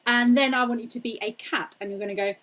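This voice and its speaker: A young woman singing teacher leading a cheerful, encouraging warm-up lesson, demonstrating vocal exercises. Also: on the high side, fairly even intonation, fast.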